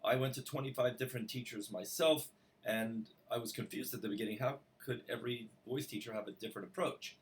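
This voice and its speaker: A man with a bass voice who teaches singing, explaining slowly and breaking into sung vocal exercises. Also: a little hiss or hum. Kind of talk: singing lesson. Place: room.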